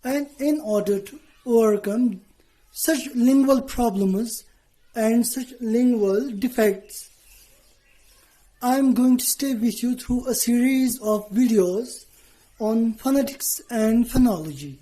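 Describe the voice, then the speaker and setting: Lady teacher, kinda high mellow voice, talks slow and careful to students. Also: rough recording. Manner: slow, deliberate, spells out letters and repeats "okay". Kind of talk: scripted lesson to students.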